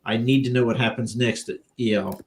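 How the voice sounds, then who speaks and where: An older man co-hosts a podcast, asking plain, wry questions in a mid-pitched, ordinary voice. His delivery is casual and unhurried. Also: fairly even intonation. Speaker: podcast co-host.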